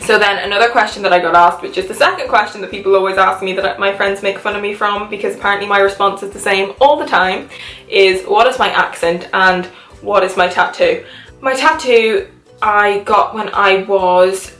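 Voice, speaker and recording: She's a 21-year-old vlogger from Ireland whose Irish accent blends in bits of Liverpool and American speech, chatting cheerfully to camera at home and using "like" constantly. Her voice is medium-pitched and fairly bright at a normal speed. The rough recording has an echoey room and faint music behind.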